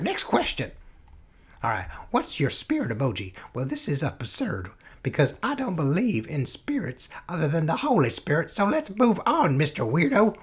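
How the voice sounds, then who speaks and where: A man playing a folksy Southern man with a Southern US accent, who answers silly interview questions in a rambling, goofy way with a husky voice. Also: exaggerated voice. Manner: rambling, goofy, sudden jumps in pitch. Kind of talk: comedic mock interview.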